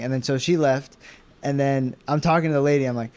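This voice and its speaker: A man's voice: medium pitch, a little fast. A man from Alaska, co-hosting a casual podcast, telling a story with lots of swearing and acted-out dialogue. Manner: animated storyteller, swears a lot, acts out dialogue. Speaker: podcast co-host.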